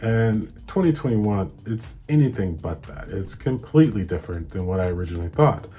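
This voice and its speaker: A man's voice: lowish voice, expressive, a little fast. A young man with a Hawaiian accent hosts an investing vlog, explaining things in an easygoing, chatty way and laughing often. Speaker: investing channel host. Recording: soft music behind.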